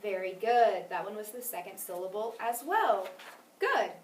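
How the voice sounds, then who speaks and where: Lively patient woman teacher, echoey room. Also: mid-range voice, moderate pace, far from the mic, a little hiss or hum. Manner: patient, clear, encouraging, stresses syllables carefully. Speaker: phonics teacher. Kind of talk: one-on-one phonics lesson.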